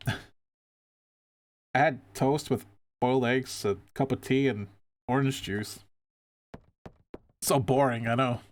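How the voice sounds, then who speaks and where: A man's voice: mid-range voice, fairly even intonation, takes it slowly, pauses often. Chatty man streaming a game. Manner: chatty, rambling, frequent restarts and laughs. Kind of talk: casual live game commentary.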